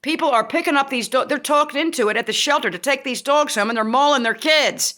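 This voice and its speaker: A heated, foul-mouthed woman vents her outrage, her words landing hard, with sudden shouted bursts. Her voice sits fairly high and has a bright, forceful, cutting edge. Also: brisk. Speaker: vlogger. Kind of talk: angry rant to camera.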